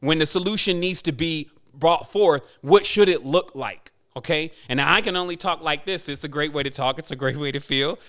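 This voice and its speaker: Guy with a higher voice preaching on his spiritual podcast, emphatic, does little voices of people. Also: moderate pace, few pauses, a bit bright. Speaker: podcast host.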